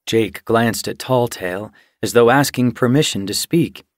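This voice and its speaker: A man reading an audiobook in scripted, measured narration. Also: medium pitch, dry recording, clean studio sound. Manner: measured, unhurried storytelling.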